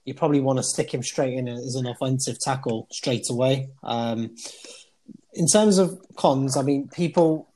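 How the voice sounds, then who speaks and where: British man, podcast co-host, casual football talk, rambling with fillers, mid pitch. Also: normal speed, mellow, a little hiss or hum. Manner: rambling, many fillers and restarts.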